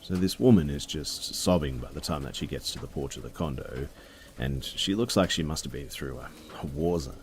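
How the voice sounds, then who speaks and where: A man narrating a true story in a steady, low-key storytelling manner. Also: normal speed, slight background noise. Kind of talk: reading a story aloud.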